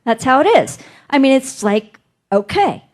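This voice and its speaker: A woman's voice: high-pitched, very animated, measured pace. A middle-aged woman minister delivering a sermon, telling a personal story and acting out her inner dialogue.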